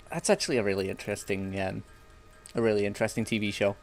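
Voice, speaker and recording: A man's voice: fairly low pitch, fast talker, soft background music. A young man streaming a game, rambling and joking casually with some swearing. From England. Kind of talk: casual gameplay chat.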